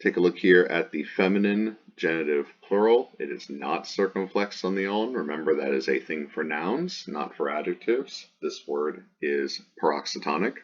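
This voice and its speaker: A man's voice: extremely low pitch, expressive, normal speed, few pauses, lo-fi sound. A man teaching ancient Greek grammar, chanting word forms in a sing-song and explaining patiently. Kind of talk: recorded grammar lesson.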